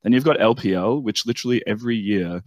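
A young man from Australia calls in with a low voice and talks in a loose, rambling way full of fillers. His line sounds dry and close. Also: quick pace, dry recording. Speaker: caller. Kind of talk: casual esports discussion.

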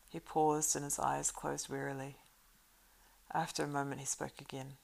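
Low gravelly woman reading a story. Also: moderate pace, low-quality recording. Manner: steady reading with small stumbles. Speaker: reader. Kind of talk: storybook read-aloud narration.

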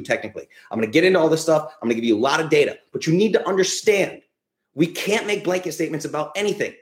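A man hosting a live podcast, ranting bluntly and swearing freely, repeating his points for emphasis. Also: on the high side. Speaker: podcast host. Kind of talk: live-streamed podcast monologue. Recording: roomy echo.

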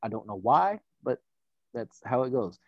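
A man's voice: medium pitch, moderate pace, no echo. A man telling a long story in casual chat, rambling and profane, acting out the people he quotes. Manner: rambling, profane, animated retelling with quoted voices. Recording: dull dry audio.

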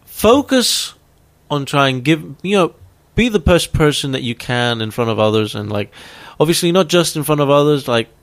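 A man's voice: on the high side, animated, normal speed. A man co-hosting a podcast, joking and teasing in casual banter and laughing often. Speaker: podcast co-host.

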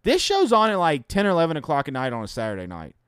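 A man co-hosting a podcast, chatting casually and telling stories in an animated, exaggerated way. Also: on the high side, fast, smooth, dry recording, studio quality. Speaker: podcast co-host. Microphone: podcast mic.

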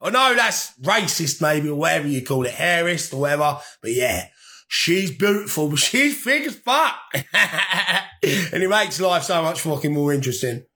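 A young man talks casually to his viewers, rambling, swearing freely and laughing as he goes. His voice sits high for a man and has a bright, forceful edge. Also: lively intonation, normal speed. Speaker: vlogger.

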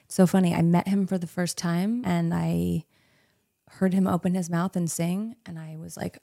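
Gravelly, mellow-voiced woman telling stories. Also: fairly low pitch, level tone, moderate pace, dry recording, studio quality. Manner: chatty storytelling with frequent laughs. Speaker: podcast guest. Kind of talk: casual interview chat.

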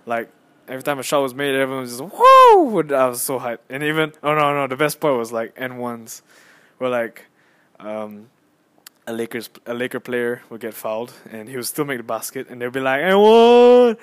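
A young man hosting a casual solo podcast on his phone, rambling and excitable as he tells a story with lots of fillers and restarts. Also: medium pitch, a little fast, clear, resonant tone. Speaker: podcast host.

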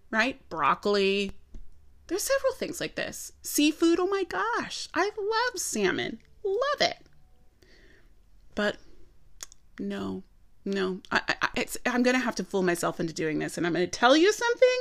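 Woman podcaster rambling casually, jokey and sarcastic, mid-pitched voice. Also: fairly bright tone. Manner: playful, sarcastic, dramatic rants. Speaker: podcast host.

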